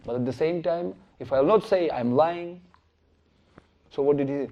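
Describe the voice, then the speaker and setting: A middle-aged man giving a spiritual lecture, telling stories in an animated way and acting out the quotes, on a dull lo-fi recording. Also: medium pitch, brisk. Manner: animated storytelling with acted-out quotes. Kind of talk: sermon storytelling.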